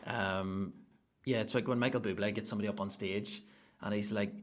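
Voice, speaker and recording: A young adult man with a Northern Irish accent hosting a solo comedy podcast, rambling and animated, swearing freely. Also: on the low side, fairly quick. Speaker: podcast host.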